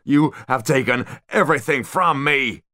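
A man voicing a ruthless older male tycoon villain who rants and shouts in an audiobook. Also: low voice, big pitch swings, normal speed, no room sound, clean studio sound, heavily acted. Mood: raging. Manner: ranting, shouting.

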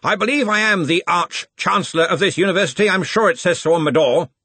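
A man voicing a blustering, bossy older male head wizard who talks in a loud, gruff and impatient way. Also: high-pitched, fast talker, dry recording, pitched above the performer's own voice, heavily acted.

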